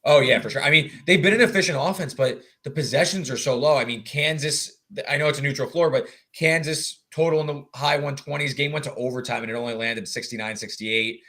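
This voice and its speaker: A man's voice: mid-range voice, a little fast, few pauses, sharp tone. A man co-hosting a sports betting podcast, talking through stats and numbers in casual chat with plenty of fillers. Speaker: sports betting analyst co-host.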